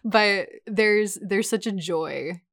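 A woman's voice: mid-range voice, takes it slowly, fairly bright tone, no echo, clean studio sound. A woman co-hosting a tabletop gaming podcast, enthusiastic and giggly in casual chat. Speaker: podcast co-host.

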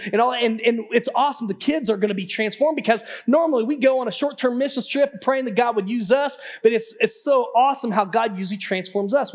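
A male pastor giving a sermon in a conversational, animated way, addressing the congregation directly and often repeating words as he builds up. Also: extremely high pitch. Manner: talks straight to the congregation.

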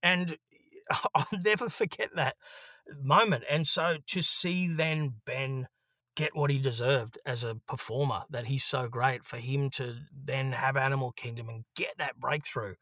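Aussie actor guy, bright forceful voice, dry close sound, chatty and sweary. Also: medium pitch, unhurried, dry recording. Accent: Australian. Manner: animated storyteller, swears freely. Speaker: actor, guest. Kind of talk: casual interview anecdote.

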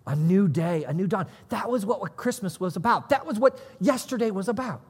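Male pastor, a bit high-pitched, chatty animated preaching, recorded in a reverberant sanctuary. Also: brisk, breathy edge. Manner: animated, conversational preaching with asides. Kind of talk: sermon. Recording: long hall reverb.

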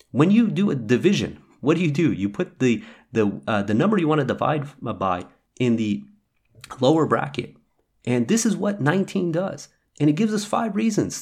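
Man explaining scripture in a husky voice. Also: a little high, a little mellow. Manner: earnest, explanatory, reads scripture aloud. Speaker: podcast host. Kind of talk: religious teaching talk.

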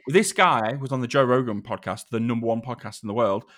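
A man's voice: mid-range voice, a little fast, fairly bright tone. A man, co-hosting a podcast in casual chat, teasing his partner with dry banter. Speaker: podcast co-host.

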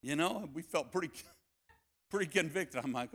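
A man with a bright, ringing voice delivers a camp-meeting sermon. He tells a family story in an animated way, moving from near-shouted proclamations to soft, hushed asides. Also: on the high side, normal speed, breathy edge. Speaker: preacher.

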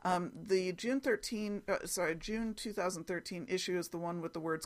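Speaking at a normal speed in a voice on the low side, this podcast host chats about her hobby on her own show. She rambles and frequently corrects herself, all captured at home through a computer mic.

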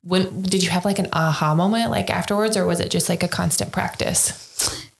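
A woman hosting a podcast who asks halting questions full of fillers in a casual interview. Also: on the low side, steady tone, vocal fry. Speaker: podcast host. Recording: roomy, echoey sound.

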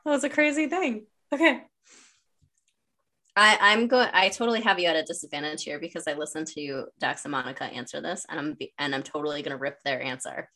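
A middle-aged woman co-hosting a casual podcast chat, an animated storyteller who swears freely and acts out quotes. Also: sits low, a little fast. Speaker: podcast co-host.

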